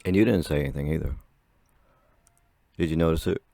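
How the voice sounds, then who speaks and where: Talking a little fast with vocal fry, a young vlogger tells a long, wandering story straight to the camera. His very low, dark voice still cracks now and then, and he laughs frequently between sentences in a casual, chatty way. The recording is dry and close, without room ambience.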